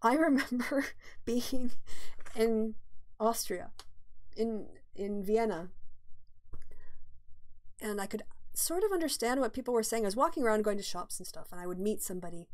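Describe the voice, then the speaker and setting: A woman's voice: medium pitch, moderate pace, darkish tone. A middle-aged woman hosting a livestream, chatting casually and answering viewer questions, thinking aloud with many fillers and restarts. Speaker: livestream host.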